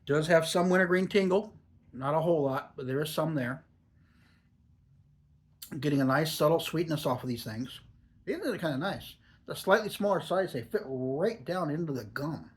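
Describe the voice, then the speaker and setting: A man's voice: on the high side, normal speed. A man in his forties talking in a chatty, rambling, easygoing way while reviewing a product for a casual vlog.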